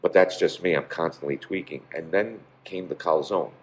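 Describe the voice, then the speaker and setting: A man's voice: sits low, moderate pace. A man, a pizzeria owner, telling stories in a casual interview, rambling with many fillers.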